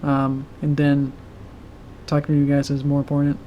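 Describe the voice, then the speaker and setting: A man with a somewhat high voice chats casually to his stream audience, pausing often and filling gaps with "um" and soft laughs. His throat sounds sore and tired. A faint hum from a heater sits behind him in his home room. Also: monotone. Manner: halting, with filler words and soft laughs. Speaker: animator streamer. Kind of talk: casual live-stream chat.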